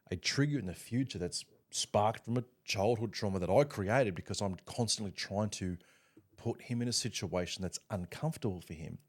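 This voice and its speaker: Deep-voiced reflective man. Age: middle-aged. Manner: reflective, questioning himself. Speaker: podcast co-host. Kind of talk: casual chat.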